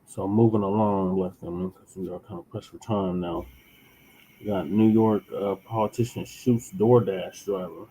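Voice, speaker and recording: A man's voice: deep voice, steady tone, normal speed, warm tone, slight background noise, rough recording. A man co-hosting a news commentary show, laid-back, moving the show along.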